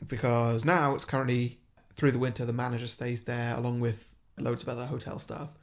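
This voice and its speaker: A man talks at an easy, middling pitch, pitching an invented film plot to a friend. He laughs a lot and keeps slipping into quick voices for the characters. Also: little pitch movement. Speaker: podcast co-host. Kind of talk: casual chat, pitching a made-up film plot.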